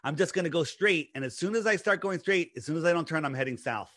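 A man's voice: fairly high pitch, expressive, fast, a bit bright. A man talking casually as a podcast guest, explaining his ideas at length in a lecturing way, with many restarts.

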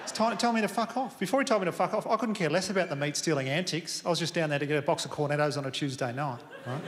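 A man with an Australian accent doing a stand-up comedy set in a big theatre, telling stories in a laconic, deadpan way with plenty of swearing. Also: fairly high pitch. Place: large theatre stage. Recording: long hall reverb, audience noise. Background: audience laughter.

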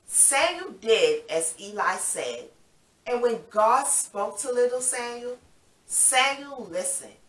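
A woman's voice: on the high side, big pitch swings, takes it slowly, fairly bright tone. A woman leading young children through a Bible story, coaxing and playful as she acts it out. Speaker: children's Sabbath School teacher. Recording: echoey room from far off.

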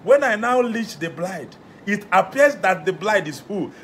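A man's voice: high-pitched, lively intonation, unhurried, a bit bright, husky. A young man with a Nigerian Igbo accent, boasting and rambling in a comedy skit.

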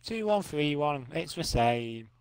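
An excitable young man trading rowdy, sweary banter with friends over a headset while gaming. His voice swings widely up and down as he yells and laughs, yet his speech stays unhurried. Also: fairly high pitch, smooth. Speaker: online game player.

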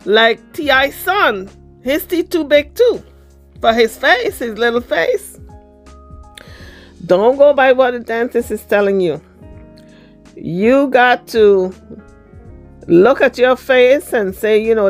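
A woman giving casual celebrity gossip commentary in a sassy, blunt, slangy way, her voice slightly hoarse. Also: a little high, animated, measured pace, faint music behind.

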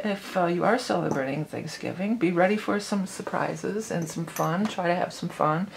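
A woman's voice: low-pitched, vocal fry, a little hiss or hum. A middle-aged woman hosting an astrology channel, chatting casually and rambling with lots of "you know". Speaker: psychic astrology channel host.

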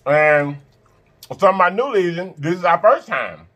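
Animated man hosting an eating show. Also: high-pitched, unhurried, lo-fi sound. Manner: animated, chants catchphrases, hums while eating. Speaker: mukbang channel host. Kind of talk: casual eating-show chat.

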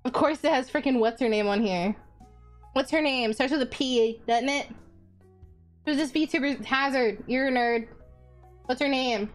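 A woman's voice: high voice, measured pace, long pauses, soft background music. A woman live streamer chatting casually with her viewers, blunt and profane, teasing them as she goes.

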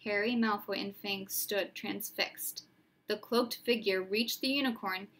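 A woman narrating a storybook aloud in a steady, expressive way. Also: medium pitch, a little slow. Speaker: reader.

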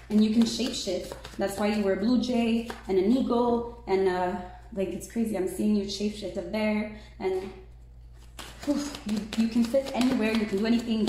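A woman giving a casual tarot reading, chatty and excitable, peppering her talk with "like" and "right?". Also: mid-range voice, a little hiss or hum. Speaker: tarot reader. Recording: very echoey room.

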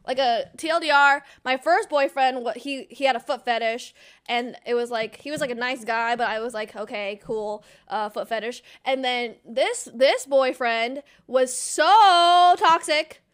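A young woman streamer chatting casually, excitable and giggly, swearing freely and bursting into squeals. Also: sits high, unhurried, clean tone. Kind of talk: casual livestream chat, reacting to an old clip.

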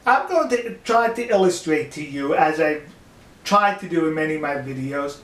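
A man, speaking, delivers a mocking, emphatic opinion rant to his viewers, stressing words slowly. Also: a little high, lively intonation, a bit bright, echoey room. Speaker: video commentator. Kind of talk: ranting opinion monologue.

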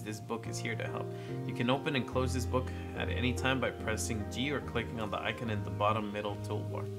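A man giving casual gameplay commentary and reading game text aloud with chatty asides. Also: medium pitch. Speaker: gaming video creator.

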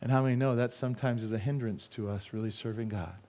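A man's voice: mid-range voice, steady tone, quick pace, warm tone. A middle-aged man preaching a sermon as pastor, emphatic and full of rhetorical questions to the congregation.

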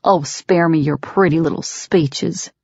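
A woman's voice: fairly low pitch, normal speed, darkish tone, dry recording, natural voice. A woman reading as a fanatical, contemptuous middle-aged father, a villain in an audiobook who sneers and threatens. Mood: menacing. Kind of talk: audiobook character voice. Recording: dry, dull lo-fi recording.

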